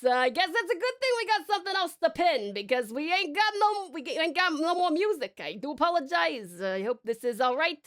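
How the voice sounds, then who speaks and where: A woman's voice: very high-pitched, sing-song, fairly quick, hardly any pauses, fairly bright tone, voice pushed up, exaggerated voice. A woman putting on a playful joke voice while chatting with stream viewers, drawling slang and giggling. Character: woman's put-on silly redeem voice. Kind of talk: livestream chat with viewers.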